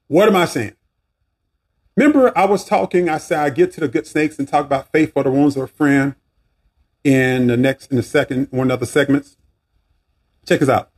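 Husky Southern man preaching on a podcast. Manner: preachy, animated, swinging pitch, asides and restarts. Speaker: podcast host. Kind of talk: casual faith podcast talk.

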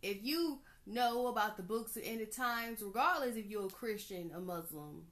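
Woman host in her 30s, casual solo podcast, bright and a bit high, chatty and animated. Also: moderate pace. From Georgia, US. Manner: chatty, animated, laughs often.

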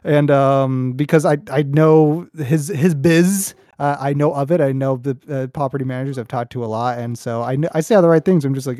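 A man's voice: on the high side, normal speed, few pauses, darkish tone, no echo, clean studio sound. A young man, a podcast host, chatting casually and telling a story with lots of restarts. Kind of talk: casual chat.

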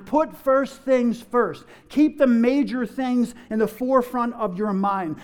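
A middle-aged pastor with a strikingly high voice delivers an emphatic sermon. He talks straight to his congregation and drives his points home. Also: a little mellow. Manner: storytelling, emphatic, addresses the congregation. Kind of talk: sermon with a joke.

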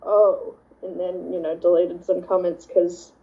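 A woman's voice: on the low side, unhurried, creaky. An Australian woman co-hosting a podcast, casually and sarcastically retelling an online argument. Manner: animated storytelling, sarcastic. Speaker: podcast co-host. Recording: slightly muffled podcast audio.

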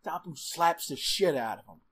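Man, podcast co-host, casual chat, profane, laughs a lot, slightly higher voice. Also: lively intonation, moderate pace, a bit bright, slightly rough. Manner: profane, laughing, acts out characters' lines. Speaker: podcast co-host recapping a show.

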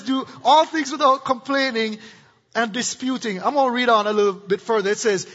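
A man's voice: high voice, bright, forceful tone. A middle-aged male pastor preaching a sermon, prompting the congregation to answer back. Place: church sanctuary. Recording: dull echoey hall recording.

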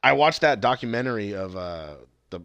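A man's voice: fairly low pitch, lively intonation, normal speed, fairly bright tone, clear, resonant tone, no echo, highs cut off. A young man chatting casually and profanely, rambling with frequent restarts. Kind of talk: casual chat.

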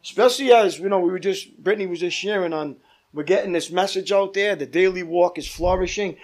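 A man's voice: high voice, brisk. A male pastor leading a Bible study, teaching emphatically, repeating points and asking the group questions.

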